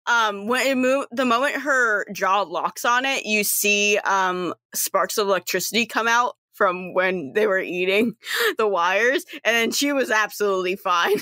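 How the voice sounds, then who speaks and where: Bright giggly woman game master. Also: mid-range voice, animated, a little slow, no echo, studio quality. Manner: giggly, loose and conversational. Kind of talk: narrating a tabletop game.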